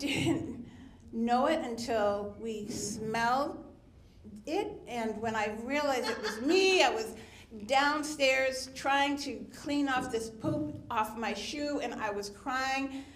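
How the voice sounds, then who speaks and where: A woman's voice: on the high side, slow pace, echoey room. Woman telling a candid personal story. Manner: candid, confessional.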